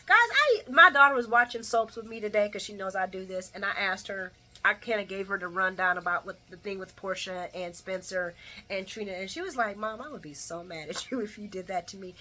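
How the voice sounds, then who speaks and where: A soap opera recap vlogger runs through the day's episode in a bright, forward, fairly high voice. She chats straight to her viewers in a casual way, laughs readily, and talks back to the characters with expressive flair.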